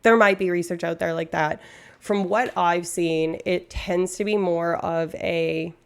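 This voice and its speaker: A woman's voice: fairly low pitch, steady tone, measured pace, clear, resonant tone. A young woman from Canada chatting casually on a live stream, rambling and interrupting herself.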